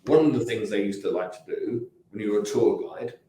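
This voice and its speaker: An English-accented company founder in his sixties, from England, wanders through anecdotes in a relaxed interview, restarting and digressing as he goes. His voice is fairly low and mellow, his delivery brisk. The room is very echoey.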